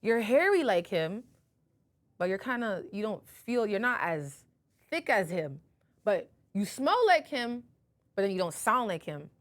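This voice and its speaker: A woman's voice: medium pitch, very animated, unhurried. A woman voicing a blind elderly father who questions and then mourns. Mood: doubtful. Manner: questioning, pleading. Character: blind aged father, doubting and grieving.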